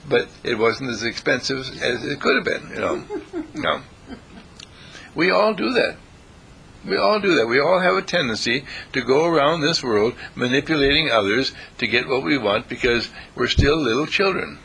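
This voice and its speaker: Gravelly, bright-voiced man lecturing. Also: medium pitch, normal speed. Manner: lively, asks the audience questions, acts out quotes. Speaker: counselor giving a talk. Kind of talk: motivational lecture to a live audience.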